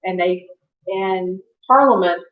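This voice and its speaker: A woman's voice: on the low side, takes it slowly. A woman giving a history lecture as a teacher, conversational, with fillers and self-corrections. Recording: echoey, dull lo-fi room sound.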